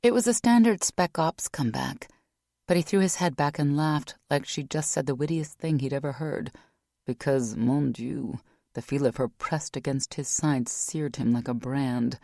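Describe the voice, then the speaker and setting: A woman narrating an audiobook in a wry, measured storytelling manner. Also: rumbling low, creaky, dark tone, no echo, clean studio sound. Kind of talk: scripted narration.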